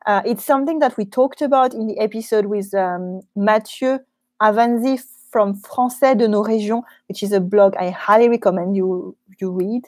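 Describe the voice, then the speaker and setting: In a live question-and-answer chat, the French teacher, a woman with a French accent, talks at normal speed in a medium-pitched, darkish voice. She laughs easily between many ums from her small office studio, with no echo.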